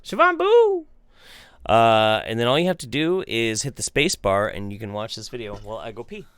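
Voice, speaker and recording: A man's voice: lowish voice, fairly quick, a bit bright, clean tone, dry recording. A man hosting a live stream, reading viewer messages with crude, joking banter. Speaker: streamer host. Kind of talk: casual live-stream chat.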